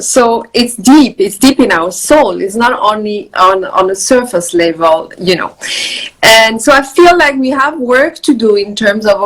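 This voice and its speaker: A woman's voice: medium pitch, a bit bright, poor audio. Woman, French accent, earnest, flowing speech, video call. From France. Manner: earnest, flowing, repeats words. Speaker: guest, wellness author. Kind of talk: casual video chat on meditation. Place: countryside home.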